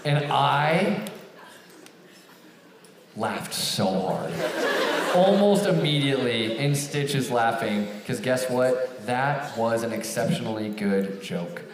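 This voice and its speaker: Lively man preaching in an echoey hall. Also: medium pitch, takes it slowly, crowd noise, background noise. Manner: animated, acts out phone dialogue in raised voices. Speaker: campus ministry speaker. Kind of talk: storytelling sermon to a live audience. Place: large hall with an audience. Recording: echoey hall, picked up from a distance.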